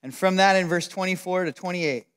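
Casual bible teacher, chatty and emphatic, lots of "like", middle pitch. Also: a little fast, fairly bright tone, clear, resonant tone. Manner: conversational, many "like" fillers, emphatic.

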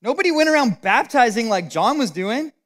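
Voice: mid-range voice, lively intonation, a little fast, fairly bright tone. A Bible teacher giving a casual, emphatic teaching, talking conversationally with frequent "like" fillers.

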